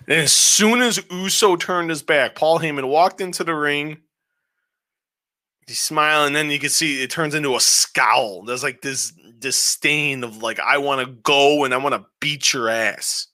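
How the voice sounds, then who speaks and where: A man with a very bright, ringing voice pitched a little high, chatting casually on a podcast. He rambles through a review with lots of animation and cursing. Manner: rambling, animated recaps with frequent swearing. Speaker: podcast co-host. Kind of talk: casual show review chat.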